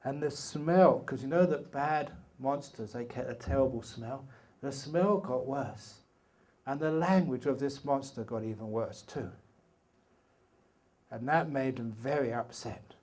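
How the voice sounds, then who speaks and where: A man in his sixties with a British accent, a meditation teacher telling a story in a slow, playful way with humorous asides during an evening dharma talk at a retreat. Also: mid-range voice, a little mellow. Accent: British English. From England. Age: 60s. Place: retreat hall.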